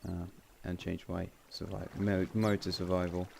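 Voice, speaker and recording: A man's voice: deep voice, flat delivery, moderate pace, gravelly, background noise. A man giving casual, rambling gameplay commentary with wry asides and frequent self-corrections. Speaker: game channel host.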